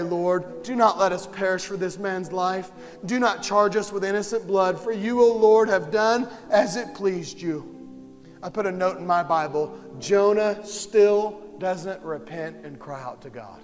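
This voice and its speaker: A man preaching a sermon as pastor in a church, with impassioned delivery that swings from hushed to shouting. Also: sits high. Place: church sanctuary. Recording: long hall reverb, faint music.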